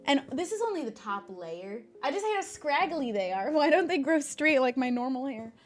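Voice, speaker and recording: A young woman hosting a gaming stream, rambling on in an animated, chatty way. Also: sits high, moderate pace, faint music behind. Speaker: streamer host. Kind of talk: casual chat.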